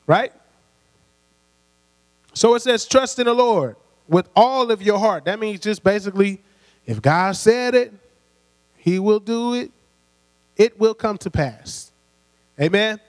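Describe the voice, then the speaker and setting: A man with a high voice preaches a sermon. His delivery is conversational and full of call-and-response, with light laughs between points. His voice rings with long hall reverb over a steady mains hum. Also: takes it slowly, pauses often. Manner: call-and-response, prompting the congregation.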